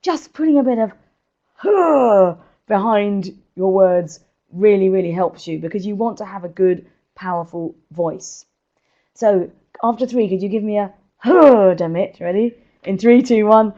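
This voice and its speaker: An energetic woman speaker, giving presentation tips in a live webinar and laughing often. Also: mid-range voice, moderate pace, lo-fi sound.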